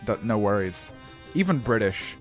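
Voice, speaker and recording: A man's voice: on the low side, very animated, normal speed. A young man streaming a game, chatting casually, swearing, laughing and stumbling over words. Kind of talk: live game stream chat. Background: faint game music.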